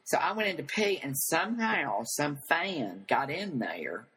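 An older man as an interview guest, telling animated stories and acting out the voices of the people in them. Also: on the high side, a little slow, husky, rough recording. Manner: flamboyant storyteller who acts out quoted voices.

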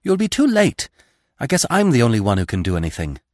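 A man's voice: medium pitch, huge pitch swings, quick pace, darkish tone, no echo, clean studio sound. A man reading aloud, voicing a bold, confident young female acrobat who talks in a brash, breezy way.

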